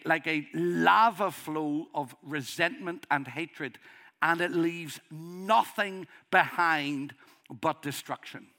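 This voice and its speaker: Passionate Northern Irish preacher. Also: male voice, fairly high pitch. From Northern Ireland. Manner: passionate, rising to loud pleading. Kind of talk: sermon.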